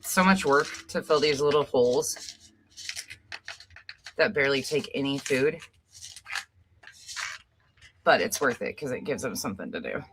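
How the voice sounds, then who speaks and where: A woman's voice: very deep voice, expressive, measured pace, pauses often, noisy background. A woman filming a casual home vlog, talking to her dogs in cooing baby talk and swearing offhandedly. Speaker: vlogger. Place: home living room with dogs.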